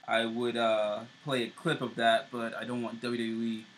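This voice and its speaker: A man's voice: medium pitch, little pitch movement, normal speed, a little hiss or hum, low-quality recording. A man co-hosting a show, casually recapping TV episodes with loose fillers and restarts. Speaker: show co-host.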